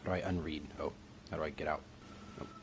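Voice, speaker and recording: A man's voice: very deep voice, fairly even intonation, fast talker, noisy background. A young man giving casual commentary over a horror game, joking and reading game text aloud. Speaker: gaming youtuber.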